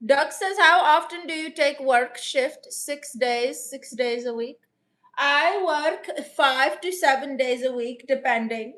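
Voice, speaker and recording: A woman comedian voicing a brash, self-assured customer-service rep who calls everyone baby, in a deadpan improvised livestream. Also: high voice, slow pace.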